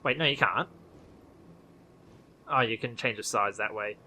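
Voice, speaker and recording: A man's voice: lowish voice, measured pace, bright, forceful tone, a little hiss or hum. An Australian man casually commenting on a game update, rambling and correcting himself as he goes. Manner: rambling, self-correcting, offhand. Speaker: gaming video host.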